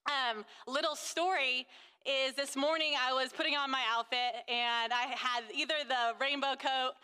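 A woman's voice: high voice, steady tone, a little slow, bright, forceful tone, clean tone, long reverb tail. A woman sharing a casual faith testimony about being a mother. She gushes and fills her talk with restarts and fillers. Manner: gushing, full of fillers and restarts.

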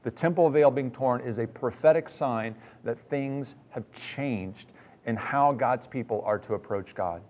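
A man's voice: medium pitch, unhurried, a little mellow, dull audio. A man preaching a sermon in a conversational way, reading scripture with rising emphasis. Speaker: pastor.

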